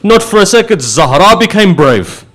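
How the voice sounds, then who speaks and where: Man, preacher, sermon storytelling, emotional, higher-pitched, animated to hushed. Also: moderate pace. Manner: emotional, shifts from animated to hushed grieving tones.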